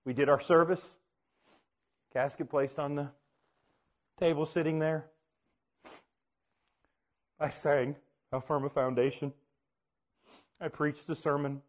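A man preaching, telling a personal story in an earnest way that swings from hushed to loud. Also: a little high, flat delivery, takes it slowly, long pauses. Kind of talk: personal testimony sermon.

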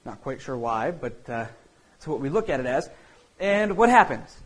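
A man's voice: mid-range voice, very animated, moderate pace, poor audio. A man preaching a sermon as a pastor, talking in a conversational way with many fillers and restarts.

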